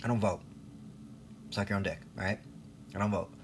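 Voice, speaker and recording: A man's voice: on the low side, steady tone, moderate pace, a little hiss or hum. A man in his thirties ranting in a rambling, profane, sarcastic monologue, laughing at himself now and then. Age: 30s. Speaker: vlogger.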